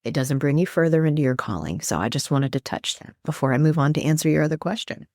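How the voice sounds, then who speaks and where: A woman guest who is a life coach and minister, talking earnestly about faith and quoting scripture in an animated, preacherly way. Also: sits low, fast, no room sound, clean studio sound. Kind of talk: earnest faith-based teaching in conversation.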